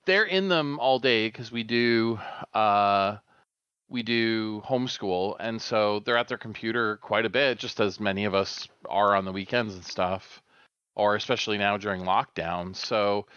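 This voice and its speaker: Chatty low-voiced man on a dull mic. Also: unhurried, a bit bright, clear, resonant tone, no echo. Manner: rambling, chatty, lots of fillers and restarts. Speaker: podcast co-host. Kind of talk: casual podcast chat. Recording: dull lo-fi dry sound.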